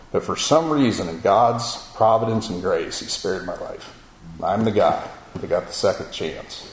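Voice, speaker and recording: A man's voice: on the low side, reverberant, a little hiss or hum, rough recording. A man giving a spoken testimony to an audience, telling his story vividly and acting out the voices of the people in it. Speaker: speaker giving a personal testimony.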